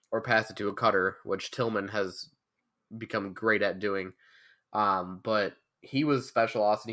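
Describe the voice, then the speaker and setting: A man's voice: fairly low pitch, bright, forceful tone. A man co-hosting a sports podcast, chatting casually and rambling through a fan's basketball breakdown with some sarcasm. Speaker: podcast co-host.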